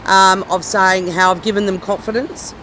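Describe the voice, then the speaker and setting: Hoarse, husky middle-aged woman. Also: medium pitch, fairly even intonation, moderate pace, a crowd in the background, rough recording. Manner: chatty, many ums and restarts. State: hoarse, recovering from laryngitis. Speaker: comedian guest. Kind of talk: casual chat.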